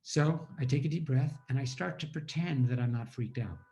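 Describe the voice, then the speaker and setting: A man's voice: mid-range voice, normal speed, a little mellow. A man giving an inspirational storytelling talk over a video call at a community holiday event, acting out his own past thoughts.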